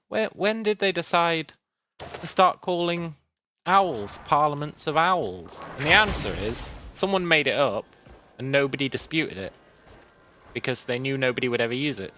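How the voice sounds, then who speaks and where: A man streaming a video game, chatting wryly with viewers and often clearing his throat. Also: on the high side, expressive, moderate pace, pushed and bright, slight background noise. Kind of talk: casual gameplay commentary.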